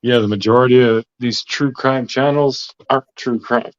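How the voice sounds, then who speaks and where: A man's voice: mid-range voice, steady tone, normal speed. A man hosting a casual livestream chat, laid-back and agreeable, who laughs easily. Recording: dull lo-fi stream audio.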